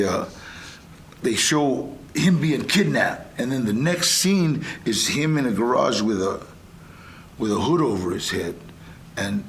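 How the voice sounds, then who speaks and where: An older man with a gravelly, creaky voice tells stories on a talk show. His pitch swings widely as he acts out other people's lines, and a faint rumble sits under the recording. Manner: rambling, animated, acts out quotes. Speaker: guest. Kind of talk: casual storytelling.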